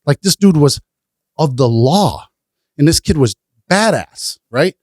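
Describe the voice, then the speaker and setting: A man talking as a podcast guest, blunt and animated, swearing freely as he tells stories about his business. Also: a little high, a little slow, no echo, studio quality. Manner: blunt, profane, animated storytelling. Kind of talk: casual interview chat.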